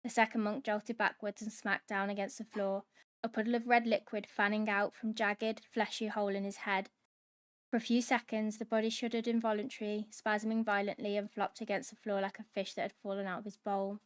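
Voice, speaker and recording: Clear-voiced woman reading a thriller. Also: medium pitch, little pitch movement, brisk. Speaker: book club host. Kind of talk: reading a novel aloud.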